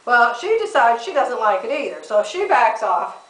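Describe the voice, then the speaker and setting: A woman's voice: a little high, big pitch swings, moderate pace. A middle-aged woman chatting to camera, telling a funny story and laughing often. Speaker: vlogger. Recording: echoey room, mic at a distance.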